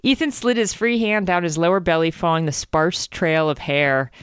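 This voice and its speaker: A woman's voice: fairly low pitch, normal speed, clear, resonant tone, no echo, clean studio sound. A woman co-hosting a comedy podcast, reading text aloud while giggling, groaning in mock disgust and breaking off to joke. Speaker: podcast co-host. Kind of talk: comic read-aloud of fan fiction.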